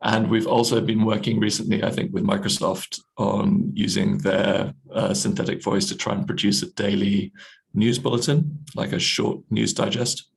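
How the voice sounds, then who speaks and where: A man's voice: on the low side, flat delivery, normal speed, vocal fry, husky, poor audio. A man, a newspaper editor, talking in a video call discussion, hesitant with many fillers and restarts.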